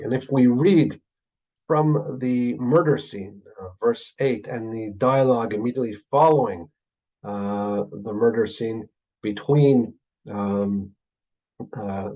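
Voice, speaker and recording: A man's voice: mid-range voice, darkish tone, low-quality recording. A man giving a Bible lecture, thinking aloud with many uh fillers and checking in with "right?" as he builds his point through emphatic repetition. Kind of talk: recorded lecture.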